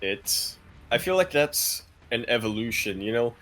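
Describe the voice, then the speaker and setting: A man's voice: mid-range voice, very animated, unhurried, a bit bright. Laid-back joking male co-caster. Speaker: esports co-caster. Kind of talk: casual live commentary banter.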